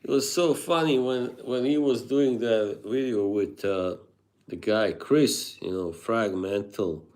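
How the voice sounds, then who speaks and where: A man's voice: fairly low pitch, takes it slowly, darkish tone. A man live streaming, chatting casually with viewers, rambling, laughing often and reading chat aloud.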